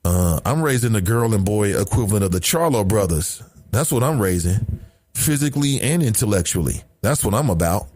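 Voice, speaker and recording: Animated, indignant man ranting. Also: fairly low pitch, a little fast, few pauses. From United States. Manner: animated, indignant, profane, rhetorical questions. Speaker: podcast host. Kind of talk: casual commentary monologue.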